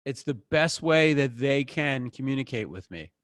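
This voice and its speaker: A man's voice: medium pitch, animated, normal speed, a bit bright, dry recording, studio quality. A man leading a group session over a video call, talking in a casual, rambling, encouraging way.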